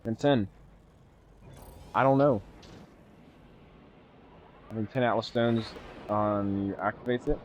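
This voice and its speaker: Chatty, lower-voiced male game streamer. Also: takes it slowly, long pauses, highs cut off, a little hiss or hum. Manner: chatty, excitable, swears casually, thanks viewers. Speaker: live-streaming gamer. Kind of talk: live gameplay commentary.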